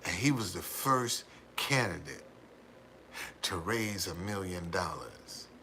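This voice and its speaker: A deep-voiced American man hosts a livestream, slowly spinning a rambling story for his viewers with animated delivery and a sharp tone. He repeats words and breaks into hearty laughter often, over a faint hiss or hum.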